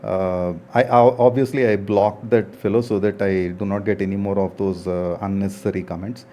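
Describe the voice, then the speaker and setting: A man in his forties, a gaming streamer, talking earnestly and reflectively to his viewers, often pausing with hesitations. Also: low-pitched, steady tone, mellow, a little hiss or hum. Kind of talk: casual talk to viewers.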